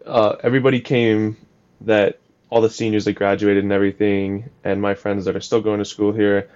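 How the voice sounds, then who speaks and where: A young man co-hosting a casual podcast chat, speaking in an even, flat tone that hides his jokes. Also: lowish voice, moderate pace, clean tone, dull audio. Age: young adult. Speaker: podcast co-host.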